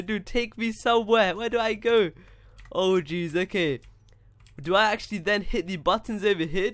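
A young man giving casual, excitable commentary while playing a block-building game, talking to himself as he goes. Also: high voice. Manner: excitable, talks to himself, says dude a lot. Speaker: gaming YouTuber. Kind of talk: casual Minecraft gameplay commentary.

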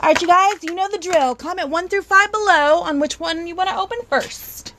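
Bubbly high-voiced woman live-streaming. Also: fairly quick, slight background noise. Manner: bubbly, excitable, thanks viewers by name. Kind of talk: casual live-stream chat. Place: at home with a dog.

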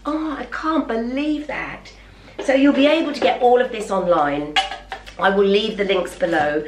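A vlogger, a middle-aged woman, chats to her dog at home as she unpacks parcels, frequently exclaiming. Her voice leans high and her pace is moderate, and she's recorded from a distance in a roomy room.

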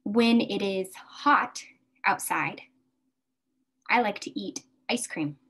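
A woman teaching a beginner English class, speaking slowly and carefully and repeating words for her learners. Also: medium pitch, a bit bright, slightly rough. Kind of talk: slow beginner English lesson.

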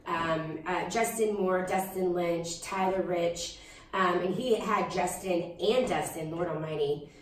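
A chatty young woman talks through a guest interview, full of "um" and "you know", with a slightly low voice. She sounds far from the mic in a very echoey room, with faint background hum. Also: a little slow. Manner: chatty, animated, frequent fillers. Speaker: singer-songwriter guest. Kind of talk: casual interview chat. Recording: roomy, distant mic with faint ambience.

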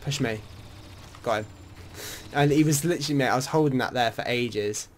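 At a normal speed and in a mid-range voice, a young gamer narrates an online shooter round casually and without a script, over slight background noise. He's excitable and foul-mouthed, alternating between irritation and joking with his teammate.

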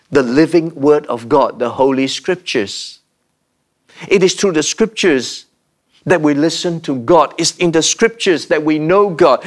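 Slow, measured male preacher. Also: fairly high pitch. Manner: slow, measured preaching with dramatic pauses and repeated refrains. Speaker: pastor. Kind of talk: sermon.

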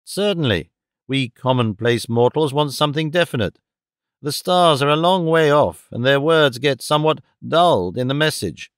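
A man voicing a composed, sceptical gentleman in an audiobook, measured and sardonic. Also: fairly high pitch, lively intonation, smooth, no room sound, clean studio sound, natural voice. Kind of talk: audiobook reading.

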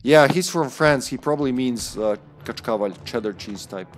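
A man's voice: mid-range voice, moderate pace, faint music behind. A man streaming a game live, commenting with jokes, frequent swearing and laughter. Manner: joking, swearing, laughing often.

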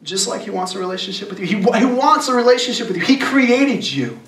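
A young adult man giving a youth sermon, talking casually and emphatically and slowing down to read scripture. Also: high voice, expressive, fairly bright tone. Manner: emphatic, conversational preaching with slowed scripture reading. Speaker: youth pastor. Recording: echoey room, distant mic.

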